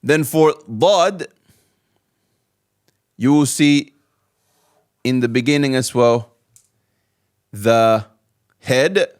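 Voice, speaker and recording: Slow, patient male teacher. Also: mid-range voice. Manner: patient, repeats each sound slowly. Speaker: Arabic teacher. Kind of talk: slow step-by-step lesson.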